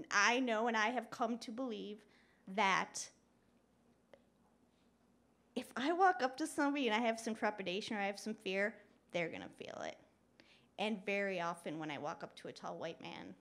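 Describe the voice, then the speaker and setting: A woman telling a story on stage at a live show, chatty and animated, laughing often and using lots of "like" and "you know". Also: on the high side. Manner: laughs often while talking. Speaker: guest speaker. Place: live show at a club venue.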